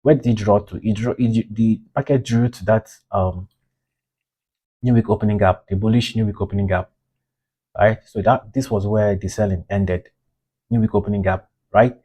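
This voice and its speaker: A man's voice: on the low side, steady tone, moderate pace, dark tone, breathy edge. A man reviewing his own trades in a casual, rambling way, frustrated and scolding himself for his mistakes.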